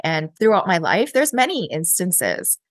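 A woman, a podcast guest, recounting a personal story in a chatty, animated way with many fillers and laughs. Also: on the low side, unhurried, no room sound. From Canada. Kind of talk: casual interview storytelling.

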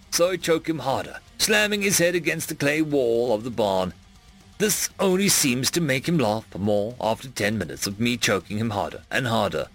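A man reading stories aloud as narrator, expressive and dramatic. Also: mid-range voice. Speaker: story narrator. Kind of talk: scripted story reading.

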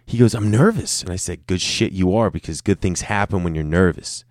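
A man's voice: deep voice, brisk, dry recording, studio quality. A young man talking in a rambling, joking, profane monologue, poking fun at himself. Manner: joking, profane, self-mocking.

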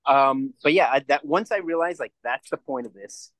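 A man's voice: medium pitch, normal speed, a bit bright, dry recording. A man co-hosting a podcast in casual chat, rambling and swearing freely as he acts out little quotes. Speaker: podcast co-host.

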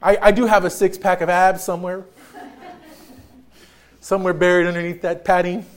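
A man's voice: sits high, level tone, normal speed. A man preaching a sermon as pastor in a church, joking and storytelling with frequent laughter. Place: church sanctuary.

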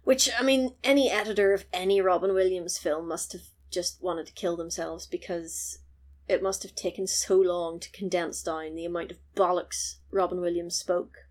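A woman's voice: on the low side, steady tone, normal speed. A woman, co-hosting a casual podcast and animatedly retelling a film's plot, swearing freely and slipping into character voices. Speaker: podcast co-host. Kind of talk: casual film recap chat.

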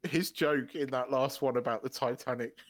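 A man co-hosting a podcast in casual chat, talking in an animated, sweary way and laughing often. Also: mid-range voice, normal speed. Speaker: podcast co-host.

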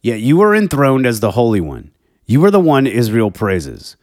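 Reading scripture aloud, a male podcast host leads a personal faith talk, emphatic and heated, his pitch swinging animatedly. He speaks at normal speed in a dry studio-quality recording.

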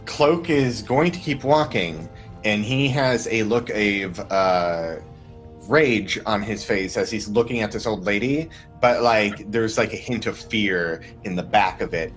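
A man's voice: fairly low pitch, measured pace, fairly bright tone, faint music behind. A man playing a tabletop game, casually describing his character's actions in the third person with hesitant restarts. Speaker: player.

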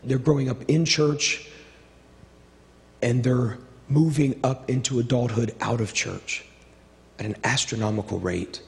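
A middle-aged male pastor preaching a sermon with impassioned, repetitive phrasing, swinging between stirring build-ups and low, quiet asides. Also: steady tone, unhurried, gravelly, pauses often. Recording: long reverb of a large hall.

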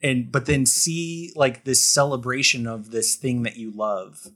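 A man chatting as a podcast guest, his voice sitting at an ordinary pitch. He rambles in a casual way, packing his talk with fillers and false starts. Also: steady tone, a little slow, bright, forceful tone. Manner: rambling, full of "like" and restarts. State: choked up. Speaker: guest artist.

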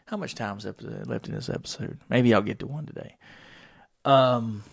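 A man's voice: medium pitch, moderate pace, creaky, breathy edge, dry recording, clean studio sound. A middle-aged man, hosting a podcast and telling wry, profane stories in a rambling way. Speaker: podcast host. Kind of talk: casual solo podcast monologue.

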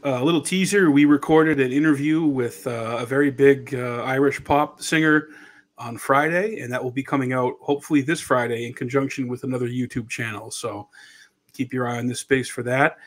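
A man's voice: medium pitch, fairly even intonation, fairly quick. A man co-hosting a podcast, talking loosely about politics with many restarts. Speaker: podcast co-host. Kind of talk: casual political chat.

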